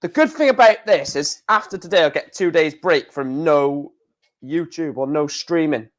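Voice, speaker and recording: A man's voice: a little high, moderate pace. A man hosting a darts live stream, reading out scores in a chatty, exclamatory way with mild swearing.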